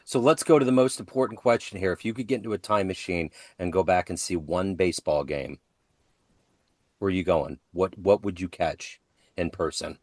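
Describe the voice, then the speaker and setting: A man's voice: low voice, normal speed, a little mellow, dry recording, clean studio sound. A man hosting an interview who asks long, playful questions in a casual way. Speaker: interview host.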